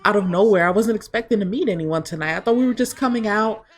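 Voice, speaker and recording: A woman's voice: mid-range voice, fast talker, close to an everyday voice. A nervous young man, as a woman lightly puts him on talks in a hesitant, shy way. The voice stays close to her everyday voice in a casual game let's play.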